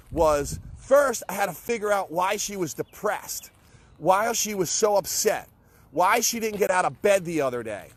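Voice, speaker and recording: A middle-aged man giving an impassioned, blunt pep talk to camera, emphatic, repetitive and peppered with swearing. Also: high-pitched. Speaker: motivational vlogger.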